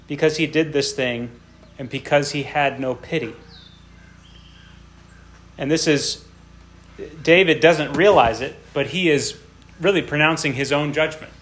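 A man's voice: a little high, normal speed, pauses often, fairly bright tone. Man preaching with rising dramatic emphasis. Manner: reads scripture aloud with rising dramatic emphasis; explains and comments between readings in a plain teaching tone. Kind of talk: sermon with scripture reading.

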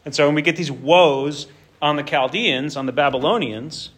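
A man with a fairly high voice preaching in an animated, conversational sermon style. He leans into his points and acts out the scripture as he goes. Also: normal speed. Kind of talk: expository sermon.

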